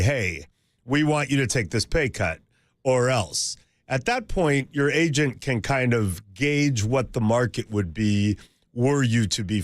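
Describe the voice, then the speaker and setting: A man's voice: medium pitch, no echo, clean studio sound. A man co-hosting a sports talk radio show, rambling through stories and opinions.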